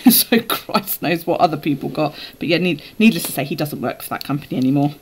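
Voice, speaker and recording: A woman's voice: sits low, lively intonation, fairly quick, darkish tone, slightly rough, poor audio. A woman chatting casually on a live stream while journaling, telling stories and laughing often.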